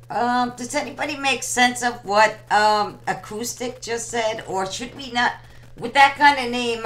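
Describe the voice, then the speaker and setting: A woman's voice: medium pitch, fairly bright tone, slight background noise, rough recording. Rambling young woman hosting a live radio chat. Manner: rambling, teasing and bantering with listeners. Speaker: online radio show host. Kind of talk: casual live chat with listeners.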